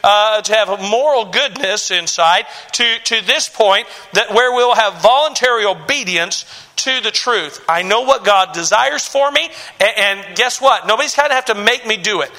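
A man delivering a sermon from the pulpit in a high, bright voice. He preaches emphatically, repeats phrases for weight, and often stumbles and restarts mid-sentence. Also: animated, moderate pace. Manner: emphatic, repetitive, with frequent restarts and stammers. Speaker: pastor.

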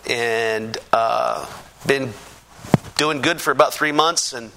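Guy telling his testimony, earnest, halting, keeps restarting, gets fervent, bright edgy voice. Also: mid-range voice, a little hiss or hum. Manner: grows fervent and emphatic. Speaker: speaker giving a personal testimony. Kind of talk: personal testimony, storytelling.

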